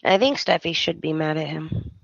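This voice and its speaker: A woman's voice: sits low, moderate pace, gravelly, no echo, dull audio. A woman chatting as a podcast co-host, opinionated about a soap opera and quoting characters with dramatic voices. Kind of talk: casual chat recapping a soap opera.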